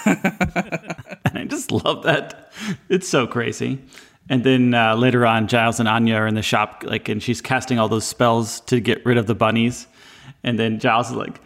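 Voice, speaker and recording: A man with a gravelly, creaky voice chatting on a podcast. He hesitates often with ums and laughs at what he recalls. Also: medium pitch, steady tone, moderate pace, a bit bright. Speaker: podcast co-host. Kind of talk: casual chat.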